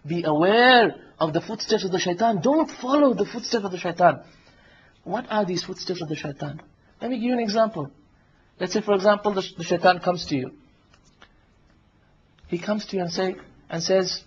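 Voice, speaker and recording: A man with a high voice preaches a sermon, repeating his key lines for emphasis and telling vivid stories. The recording is dull and lo-fi, like an old lecture tape. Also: moderate pace, pauses often, slight background noise.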